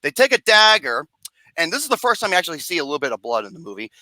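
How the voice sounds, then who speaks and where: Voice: medium pitch, sing-song, racing, bright, forceful tone, no room sound. A movie reviewer ranting about a film in a comedic, profane way, mocking and sarcastic, swearing constantly and breaking into laughter.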